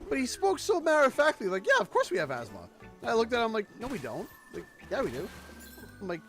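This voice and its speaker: A man from Canada chatting casually on a game livestream, telling a story with lively quoted voices. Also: extremely high pitch, fast talker. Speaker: streamer. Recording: faint music behind.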